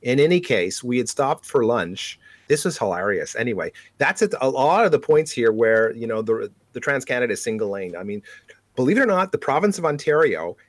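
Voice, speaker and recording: Animated Canadian man telling road stories. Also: mid-range voice, a little fast, no echo. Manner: animated storyteller, laughs often. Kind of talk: casual chat.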